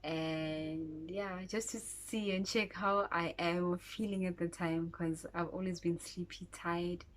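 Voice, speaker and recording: A woman's voice: lowish voice, steady tone, slow pace. A woman with a South African accent telling a storytime vlog in a chatty way, dropping into whispered asides. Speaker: YouTuber.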